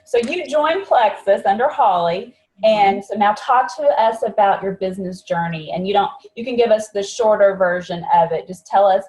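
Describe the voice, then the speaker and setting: A woman's voice: medium pitch, moderate pace, hardly any pauses, darkish tone, rough recording. A woman hosting an interview on a group call, asking questions in a casual way with lots of fillers. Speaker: host.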